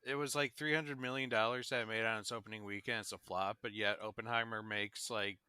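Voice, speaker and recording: A man's voice: lowish voice, fairly even intonation, brisk, bright, forceful tone, clear, resonant tone, dry recording. A man co-hosting a casual podcast chat, wry and argumentative, with laughs between his points. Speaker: podcast co-host.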